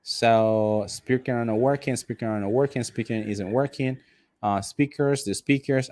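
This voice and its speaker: A man's voice: medium pitch, fairly even intonation, moderate pace, darkish tone. Nicaraguan man teaching English class. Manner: emphatic, repeats questions to the class, acts out angry customer. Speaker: English teacher for call center staff. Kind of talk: online class lecture.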